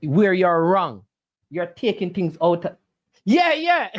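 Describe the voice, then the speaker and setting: Livestream host, argues and lectures the chat, swooping animated pitch. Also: slow. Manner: argumentative, preachy, rhetorical questions. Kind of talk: casual argumentative livestream talk.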